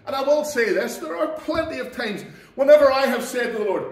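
High-voiced Northern Irish pastor preaching. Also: male voice, fast talker, few pauses. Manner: earnest, folksy, animated preaching. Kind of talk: sermon. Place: church. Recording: echoey church from a distance.

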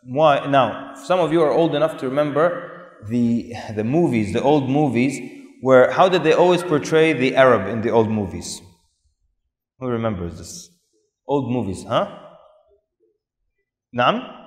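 A man's voice: mid-range voice, unhurried, pauses often. A man giving a conversational religious lecture to an audience, asking them questions and mixing Arabic words into his English. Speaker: Islamic speaker. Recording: echoey hall.

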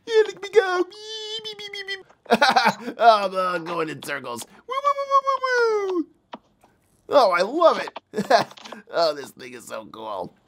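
A performer voicing an excitable, giggly male puppet who hosts a kids' game play show, laughing often and making boom and beep sounds. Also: measured pace, noisy background. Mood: giddy. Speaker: host. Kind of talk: game play commentary for kids.

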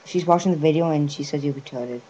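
Woman, low mellow voice, quick teasing talk, lively pitch, faint background noise. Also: rough recording.

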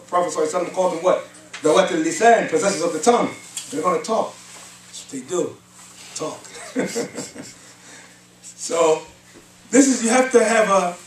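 A man giving a religious lecture in a mosque, reciting Arabic verses and asking the audience rhetorical questions. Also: a little high. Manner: quotes Arabic verses and asks rhetorical questions like "huh?" and "what?". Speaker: Islamic lecturer. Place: mosque hall. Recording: echoey hall, mic at a distance, faint hiss.

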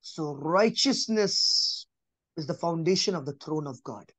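With no echo on the recording, an animated male preacher talks through the Bible conversationally at a slightly slow pace. His style is emphatic, repeating key phrases before dropping to a soft, low tone.

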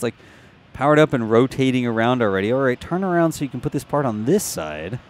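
A man's voice: medium pitch, slight background noise. A man hosting a show, narrating launch site footage in a casual, jokey, think-aloud voice-over.

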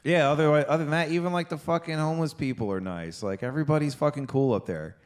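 A man's voice: fairly high pitch, quick pace. A man co-hosting a podcast, chatting casually and swearing a lot as he rambles through stories. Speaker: podcast co-host. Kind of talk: casual chat.

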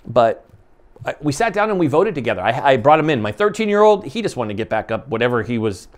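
This show host is a man in his forties from the United States, conducting a conversational interview in an emphatic, passionate style with many restarted sentences. He talks quickly in a mid-range, sing-song voice.

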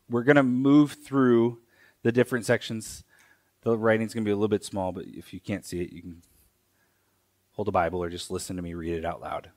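A man preaching a sermon in a church, teaching slowly and deliberately, pausing and repeating key phrases. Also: mid-range voice. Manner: slow, deliberate teaching with pauses and repetitions.

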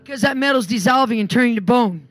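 A woman preacher at a live church meeting tells healing stories and prays, her fairly high voice moving fast over soft background music. She's an animated, emphatic storyteller who turns commanding when she prays, mixing sermon with healing prayer.

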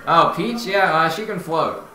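A young man doing casual esports play-by-play, knowledgeable and quick with game jargon, swearing casually. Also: on the high side, animated. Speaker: play-by-play commentator. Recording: roomy echo with faint noise.

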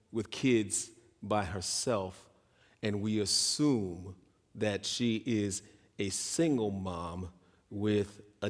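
A man preaching a sermon, telling stories and acting out the voices of the people in them. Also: long reverb tail. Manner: storytelling, acts out quoted voices in a raised pitch. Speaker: pastor.

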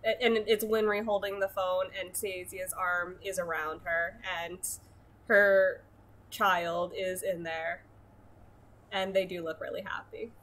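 A woman game master calmly describing scenes in a tabletop game. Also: on the low side, takes it slowly.

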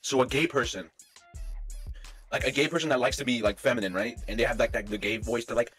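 A young man streaming, reacting to clips with excitable, slangy chatter and frequent laughter. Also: medium pitch, a little fast, long pauses, faint music behind. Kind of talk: casual reaction stream chat.

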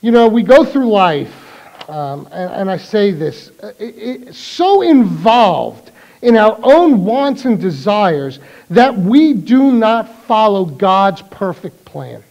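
A man from New preaches to his congregation. His voice is high and very expressive. He talks slowly and draws listeners in with questions. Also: gravelly, highs cut off. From New York. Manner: animated storytelling, rallying the congregation with questions. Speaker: pastor. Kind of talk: sermon.

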